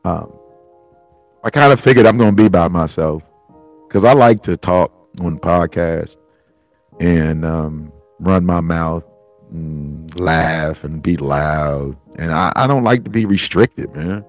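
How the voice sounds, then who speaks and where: A man's voice: deep voice, slow pace, soft background music. A man hosting a solo podcast, thinking aloud in a rambling, profane, heartfelt way. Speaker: podcast host. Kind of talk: solo reflective monologue.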